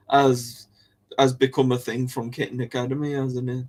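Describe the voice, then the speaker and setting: A young man hosts a casual live stream from home. His voice sits at an ordinary middle pitch, and he rambles from one thought to the next, cutting himself off mid-word and breaking into small giggles. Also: flat delivery, unhurried, long pauses, darkish tone. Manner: rambling, chatty, giggles often, self-interrupting.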